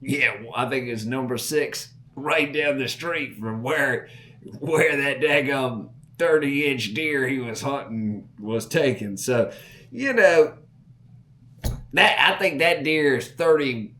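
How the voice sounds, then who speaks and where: A man's voice: medium pitch, slow. Folksy Southern-accented man telling stories. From Southern Virginia. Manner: folksy, animated, repeats words while telling a story. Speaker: podcast host. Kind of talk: casual storytelling.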